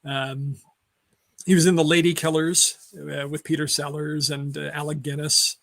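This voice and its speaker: A man with a raised pitch and a gravelly, creaky edge to his voice. He hosts a relaxed film discussion, wandering through trivia with frequent fillers and restarts. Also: moderate pace. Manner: rambling, trails off into film trivia with many fillers. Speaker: podcast host.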